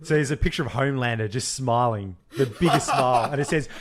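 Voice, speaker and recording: A man's voice: medium pitch, quick pace, a loud crowd. Laughing, joking male podcast co-host. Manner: laughs often, animated joking storyteller. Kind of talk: casual chat.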